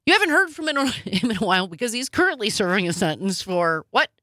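A woman co-hosting a casual news chat, sarcastic and quick with asides. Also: medium pitch, very animated, pushed and bright, no room sound, clean studio sound. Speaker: podcast co-host.

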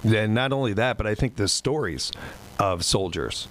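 Male country radio host, low-pitched, folksy and rambling, faint room hum behind. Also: lively intonation, normal speed, fairly bright tone, rough recording. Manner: folksy, rambling, self-deprecating. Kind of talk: casual radio show chat.

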